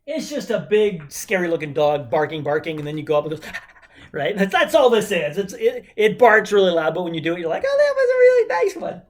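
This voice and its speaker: A woman chemistry teacher talks her students through a lesson from home. Her voice sits a little low, and she drifts into joking asides as she counts electrons out loud. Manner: chatty, joking asides while counting aloud. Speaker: chemistry instructor. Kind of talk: casual remote lecture.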